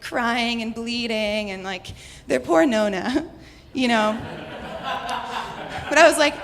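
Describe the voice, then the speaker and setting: A woman's voice: a little high, slow, crowd noise. A young American woman from Houston, telling a personal story to a live audience in a chatty way, laughing often and saying "like" a lot. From United States (Houston). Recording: reverberant hall, faint noise.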